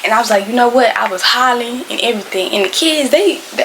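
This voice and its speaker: A young adult woman telling a storytime tale in casual slangy speech, loud and animated, acting out what people said. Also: on the high side, quick pace, hardly any pauses, slight background noise, low-quality recording. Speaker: storytime vlogger.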